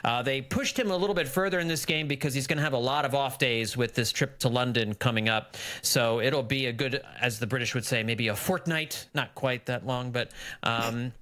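Middle-aged guy cohosting a sports pod, bright voice, reads off stats, chuckles a lot. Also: mid-range voice, fairly quick, hardly any pauses. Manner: rattles off stats, chuckles often. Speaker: podcast co-host. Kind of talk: casual sports podcast chat.

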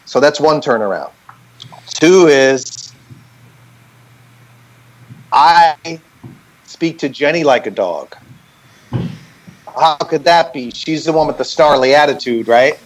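A man's voice: medium pitch, measured pace, pauses often. A man speaking as a podcast guest over a video call, telling a candid, reflective story and checking in with "right?" as he makes each point.

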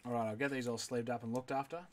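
During a live card-opening stream, a man runs a card break, rattling off a list of names, reacting aloud and chatting with viewers. His mid-range voice is steady and quick, with slight background noise.

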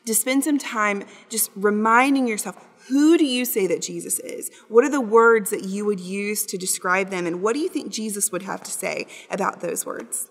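A woman teaching a Bible study in a conversational, explanatory way, with emphatic readings. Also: medium pitch. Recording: long hall reverb.

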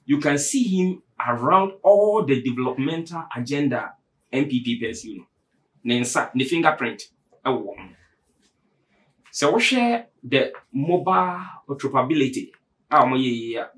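A man's voice: medium pitch, fairly bright tone. A Ghanaian man, a panel guest, explaining politics at length and mixing in English terms. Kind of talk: political discussion.

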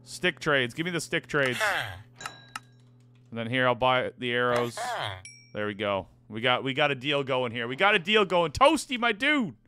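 Bright-voiced playful male game streamer. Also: mid-range voice, lively intonation, moderate pace, pauses often, slight background noise. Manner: casual, playful, chatty with viewers. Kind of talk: live gaming stream chat.

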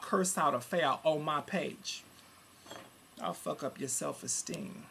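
A gravelly, creaky-voiced person in their forties rants into a home computer mic, cursing hard. The voice jumps from heated shouting down to low, grumbling asides, and there is faint noise underneath. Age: 40s. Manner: profane and heated, swinging between loud outbursts and low muttering. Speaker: vlogger. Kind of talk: angry webcam rant.

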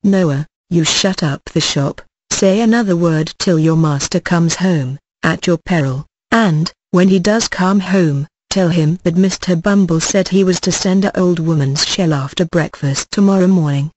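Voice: medium pitch, a little slow, few pauses, a little mellow, no room sound, close to an everyday voice. A reader voicing a pompous, stern middle-aged male parish beadle who blusters with indignation.

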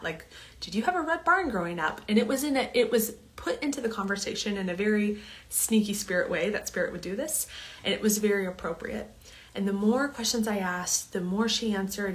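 A woman in a casual storytelling monologue, chatty and sincere. Her voice sits at an ordinary middle pitch. Now and then she sinks into a hushed, breathy near-whisper. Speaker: host.

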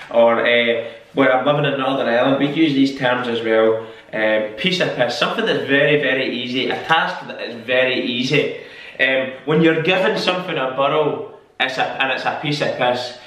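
A man's voice: medium pitch, fairly bright tone. A Scottish man hosting a casual vlog, chatting loosely, repeating phrases and laughing at himself. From Scotland. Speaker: YouTube host. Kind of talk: casual reaction vlog, guessing slang. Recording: very echoey room, mic far off.

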